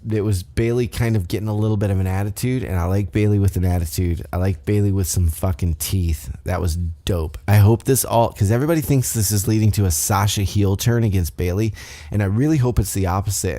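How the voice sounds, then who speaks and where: A man's voice: low voice, dark tone. A man hosting a podcast who recaps a wrestling show in a casual, rambling, profane way and often corrects himself, speaking into a desk microphone. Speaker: podcast host.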